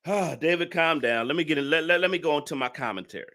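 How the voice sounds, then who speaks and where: A man's voice: on the high side, quick pace, hardly any pauses, bright, forceful tone. A man hosting a reaction commentary, ranting angrily and repeating himself with heavy profanity. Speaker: commentary channel host.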